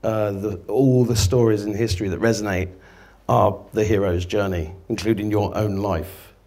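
A man's voice: fairly low pitch, fairly even intonation, moderate pace, a little mellow. A man giving a casual, rambling live talk to an audience, swearing freely and acting out conversations. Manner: rambling, swearing, acts out quoted exchanges. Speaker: guest speaker. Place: event venue before a live audience.

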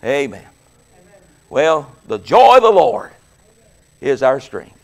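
A man preaching an exuberant sermon as pastor, breaking into shouts and laughter. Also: mid-range voice, big pitch swings, slow, gravelly.

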